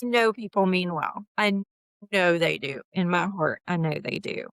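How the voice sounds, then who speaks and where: Earnest woman in her fifties, low voice. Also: no room sound. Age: 50s. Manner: earnest, restarts often, lively emphatic bursts. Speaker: guest. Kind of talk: candid interview conversation.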